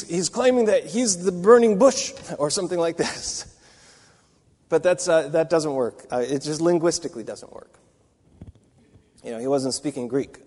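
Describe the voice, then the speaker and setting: A man gives a Bible teaching conversationally, thinking aloud with fillers, restarts and asides. His voice is on the high side with a darkish tone, and the recording has a long reverb tail.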